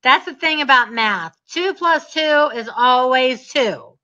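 Bright-voiced, emphatic woman instructor. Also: sits high, slow, lo-fi sound. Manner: emphatic, repetitive, energetic. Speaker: real estate instructor. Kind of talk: seminar teaching with stories.

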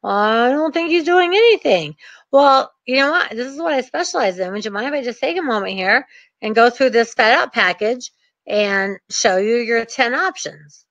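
A woman's voice: a little high, normal speed, fairly bright tone, no echo. A woman coaching real estate investors in a chatty, ranting way with sarcastic asides. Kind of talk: energetic coaching talk. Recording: dull, dry lo-fi recording.

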